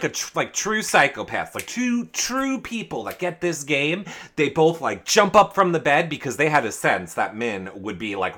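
A man's voice: mid-range voice, sharp tone. A young man casually recapping a reality show, chatty and full of fillers.

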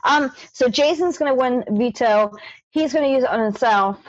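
A woman's voice: high voice, normal speed, dry recording, lo-fi sound. A woman co-hosting a casual show recap, joking and acting out what others said. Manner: animated, joking, acts out quotes. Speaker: podcast co-host. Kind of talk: casual chat.

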